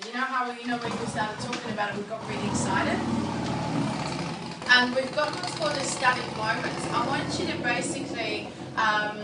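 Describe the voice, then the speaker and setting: A woman coaching a group through a workshop lesson, upbeat and encouraging, often turning questions to the room. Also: fairly high pitch. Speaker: wellness coach leading a workshop. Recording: roomy, from a distance, faint background hum.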